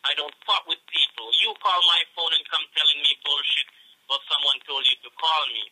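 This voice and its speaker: Jamaican guy cursing and threatening on a call, kinda high, really sharp bright tone. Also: fairly even intonation, brisk, slightly rough, low-quality recording. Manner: profane, threatening, ranting. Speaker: phone scammer. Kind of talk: angry phone call.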